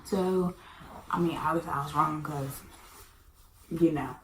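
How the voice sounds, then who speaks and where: A woman's voice: low voice, measured pace. A woman, telling a storytime in a casual chatty way, sometimes dropping to a whisper. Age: 20s. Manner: chatty, animated, drops into whispers. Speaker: vlogger. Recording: echoey room, faint background hum.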